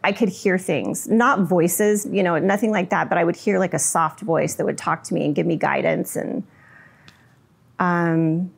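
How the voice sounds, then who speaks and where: Gravelly-voiced reflective woman. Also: on the low side, measured pace. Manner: soft-spoken, reflective, many fillers. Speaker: interviewee. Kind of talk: personal storytelling interview.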